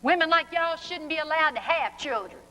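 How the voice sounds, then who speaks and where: A man's voice: extremely high pitch, moderate pace, sharp tone, pitched above the performer's own voice. A woman reading aloud and putting on the voice of a blustering male small-town sheriff who scolds a group of women. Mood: scolding. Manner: scolding, preachy. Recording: reverberant hall, faint noise.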